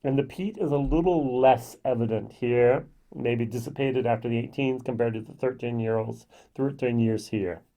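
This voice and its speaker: A man's voice: medium pitch, fairly even intonation, normal speed, hardly any pauses, mellow. Chatty man reviewing whisky. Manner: chatty, many fillers, thinks aloud and corrects himself. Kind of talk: casual tasting review to camera.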